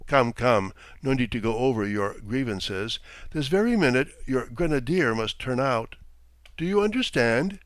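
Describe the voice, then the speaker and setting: A man's voice: mid-range voice, expressive, a little slow, dry recording, close to an everyday voice. Man doing a brusque husband, curt, mocking, dry sound. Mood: stern. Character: brusque, teasing middle-aged official husband.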